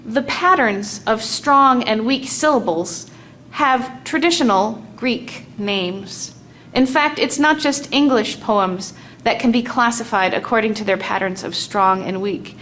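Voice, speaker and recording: A woman with a fairly high voice explains poetic meter in a slow, measured lesson, sounding out the strong and weak beats one by one. A faint hiss of background noise sits under her voice. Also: fairly bright tone. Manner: slow and deliberate, tapping out stresses aloud. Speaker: teacher.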